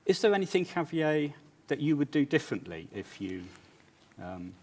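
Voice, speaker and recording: A British man, a journalist interviewing a guest on stage, speaking in a measured, reflective way with some stammered restarts. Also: a little high, big pitch swings. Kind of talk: conference interview.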